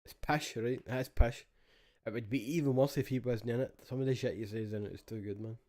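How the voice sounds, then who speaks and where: A man's voice: mid-range voice, steady tone, a little fast, warm tone. A young Scottish man co-hosting a podcast, chatting casually with lots of swearing, slang and laughter. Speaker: podcast co-host. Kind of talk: casual chat.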